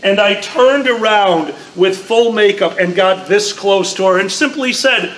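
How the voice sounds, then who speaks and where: A man co-hosting a live podcast, telling a story with lively acted-out quotes. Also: sits high, a little slow, a little hiss or hum, low-quality recording. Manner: animated storyteller, acts out quotes. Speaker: podcast co-host. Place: large convention room before a live audience.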